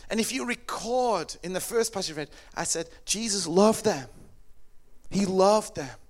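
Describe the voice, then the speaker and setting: Male preacher, slightly high voice, dramatic storyteller, loud-to-hushed swings. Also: moderate pace. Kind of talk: sermon. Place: hall or church with a microphone.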